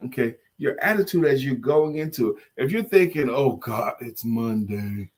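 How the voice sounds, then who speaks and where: A man's voice: medium pitch, lively intonation, moderate pace. A man co-hosting a casual morning show, chatting and breaking into short sung jingles for viewers. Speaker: co-host.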